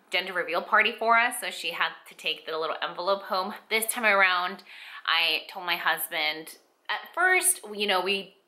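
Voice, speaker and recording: Young female vlogger, very bright voice, chatty and rambling, emotional and teary throughout. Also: on the low side. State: tearful. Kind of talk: casual pregnancy update vlog.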